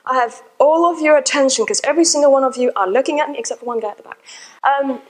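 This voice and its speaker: A woman's voice: high voice, fast talker, rough recording. A woman giving a talk to a live audience, telling a personal story in a chatty, self-deprecating way and laughing at herself. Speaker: conference speaker.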